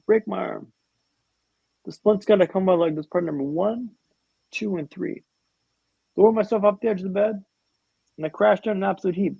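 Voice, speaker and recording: Male interview guest, raised pitch, gravelly, dramatic storyteller with a humorous streak, dull lo-fi line. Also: dark tone, dry recording. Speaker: podcast guest.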